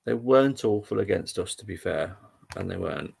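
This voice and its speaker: A man's voice: low voice, expressive, brisk, creaky, a little mellow, husky. A young man hosting a live football stream, chatting in a rambling, casual way with lots of fillers. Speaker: livestream football update host.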